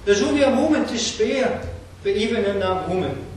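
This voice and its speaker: A man preaches in a high-pitched voice, earnest and chatty, with asides and fillers. He is picked up from a distance in a church hall. Strong echo rings around him, with faint noise underneath. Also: lively intonation, moderate pace, darkish tone. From Scotland. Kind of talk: sermon. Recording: roomy distant hall mic.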